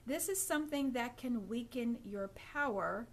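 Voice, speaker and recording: A woman's voice: fairly high pitch, a little slow. Instructive woman coaching live viewers. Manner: instructive, direct, addresses viewers as ladies; acts out hesitant and confident speech examples. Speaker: etiquette coach. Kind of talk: live-stream tips to viewers. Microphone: phone or webcam.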